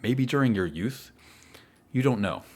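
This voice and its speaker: A man narrating a tabletop game as game master in an unhurried, descriptive way. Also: mid-range voice, expressive.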